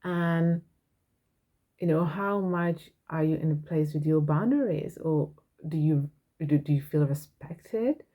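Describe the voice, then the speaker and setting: A woman's voice: low-pitched, slow pace, warm tone. A woman hosting a parenting podcast, talking frankly and earnestly in a casual monologue.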